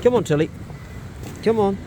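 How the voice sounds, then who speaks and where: A man's voice: high-pitched, lively intonation, normal speed, background noise. A man giving casual, chatty vlog commentary outdoors and in a truck, talking to his dogs as he goes. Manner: laid-back, chatty, talks to his dogs. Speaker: vlogger.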